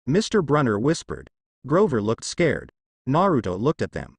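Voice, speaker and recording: A man's voice: medium pitch, wildly swooping pitch, normal speed, slightly rough, dry recording. A man narrating a fan story in a storybook reading style.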